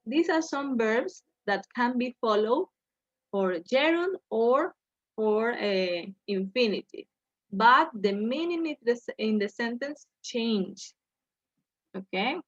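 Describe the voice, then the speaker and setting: A woman walks students through an English grammar point, speaking slowly and tagging "okay" onto nearly every step. Her voice sits a little high, close and dry. The sound is dull and lo-fi. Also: expressive, no echo. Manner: slow, repeats "okay" to check in with students. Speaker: English teacher. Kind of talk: online grammar lesson.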